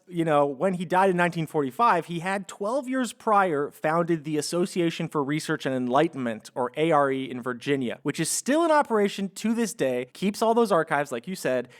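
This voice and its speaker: Man, podcast host, fairly high voice, reads prepared notes, dry sarcastic asides. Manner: wry, sarcastic asides while presenting research. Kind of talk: reading a prepared script mixed with casual chat.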